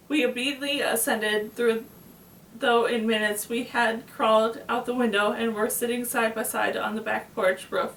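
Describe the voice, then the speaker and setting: A woman with a fairly high voice reads a novel aloud, steady and unhurried, now and then tripping and restarting a word. She sits some way from the mic in an echoey room. A faint hiss runs underneath. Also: recorded from a distance. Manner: plain, steady read-aloud with small slips and restarts. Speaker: reader.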